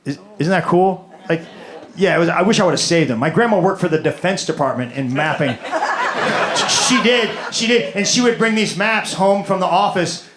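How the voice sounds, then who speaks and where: A man's voice: high-pitched, animated, normal speed, crowd noise. A man doing a stand-up comedy set, rambling and exasperated, repeating his words as he rants. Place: comedy stage with live audience. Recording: roomy club with audience noise.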